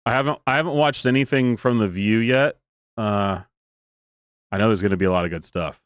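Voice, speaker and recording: A man's voice: on the low side, fairly quick, clear, resonant tone, dry recording, clean studio sound. A man in his thirties streaming live, reacting to clips with sarcastic, mocking commentary and frequent laughter. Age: 30s.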